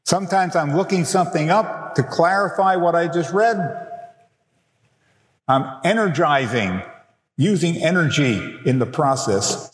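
A middle-aged man with a fairly high voice teaches a class, lingering on words with slow, deliberate emphasis. His voice rings through a large hall with a long, roomy reverb. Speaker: biblical counseling teacher. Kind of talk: teaching a workshop session with slides.

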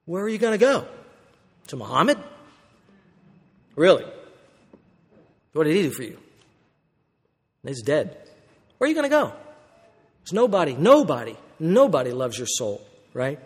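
A man preaching a sermon as pastor, asking rhetorical questions and acting out quoted voices with lively swings from loud to hushed. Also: a little high, normal speed, long pauses, breathy edge. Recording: long reverb of a church hall.

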